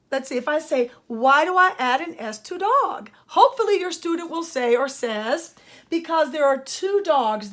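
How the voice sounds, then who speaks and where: An older woman, a speech-language pathologist, giving a grammar lesson at a whiteboard and speaking slowly and with emphasis. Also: high-pitched, a bit bright. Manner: slow, emphatic teacher talk. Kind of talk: grammar lesson for parents and students.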